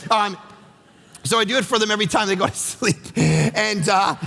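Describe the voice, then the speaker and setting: A man, a pastor, preaching a sermon with energetic, conversational storytelling in a church auditorium. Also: high-pitched, normal speed, vocal fry. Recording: echoey church hall.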